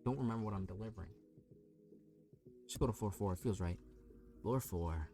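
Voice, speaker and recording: A man's voice: lowish voice, normal speed, warm tone, soft background music. A man streaming a game live, mumbling asides and reading dialogue aloud. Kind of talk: live gameplay commentary.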